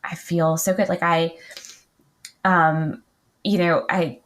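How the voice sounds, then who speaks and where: A middle-aged woman appears as a podcast guest and client, speaking slowly in a fairly low, flat voice. She chats casually, using many fillers and laughing lightly and often.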